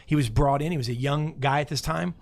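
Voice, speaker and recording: Animated man hosting a faith talk. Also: a little high, a little fast, creaky. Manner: animated storytelling with many restarts. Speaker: host. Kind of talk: faith talk show chat.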